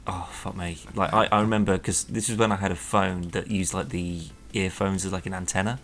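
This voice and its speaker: A man's voice: low-pitched, fairly even intonation, a little fast, a bit bright. A man in casual chat as a podcast co-host, who rambles with constant fillers and restarts. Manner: rambling, heavy use of "like", trailing restarts.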